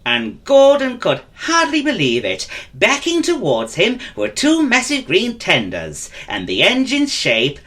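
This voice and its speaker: Male narrator doing a classic storyteller impression; gentle, slow and sing-song. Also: high voice, wildly swooping pitch.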